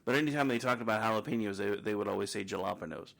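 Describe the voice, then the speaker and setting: A man's voice: fairly low pitch, creaky, a bit bright. A middle-aged man co-hosting a radio talk show, chatting casually and cracking jokes. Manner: joking, quick asides. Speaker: podcast co-host. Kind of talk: casual chat.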